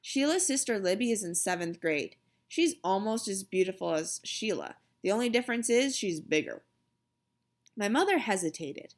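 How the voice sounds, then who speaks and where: A woman reading a children's chapter book aloud at home, in a lively, expressive first-person storytelling manner. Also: mid-range voice, normal speed, gravelly. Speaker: audiobook reader. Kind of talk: storybook narration.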